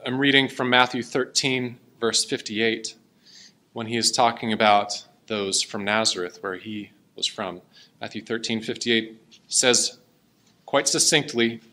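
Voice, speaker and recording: Man, preacher, earnest sermon, bright clear tone, medium pitch. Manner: earnest, emotional, tearing up at times. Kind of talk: sermon with scripture reading.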